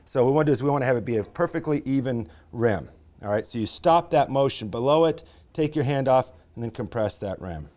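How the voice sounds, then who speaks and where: A man, a pottery professor, giving a live step-by-step wheel demonstration with folksy comparisons, dropping to a quiet mutter as he works the clay. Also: medium pitch, expressive, a little fast.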